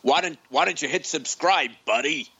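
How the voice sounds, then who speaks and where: A pushy New York tough guy, as a man puts him on, heckling the listener in a gruff, drawn-out way. The tone is bright and cutting but husky. It comes through muffled call audio. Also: a little high, voice pushed up, heavily acted. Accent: New York put-on.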